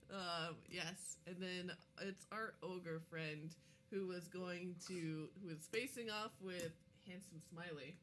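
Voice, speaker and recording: A woman's voice: lowish voice, steady tone, slow, fairly bright tone, slight background noise. A woman narrating as game master of a tabletop game, giggling often.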